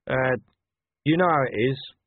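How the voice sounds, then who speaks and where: A man voicing a gruff, weary male watch commander who speaks bluntly and awkwardly. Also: mid-range voice, unhurried, no echo, pitched above the performer's own voice, natural voice. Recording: tinny phone-like dry sound.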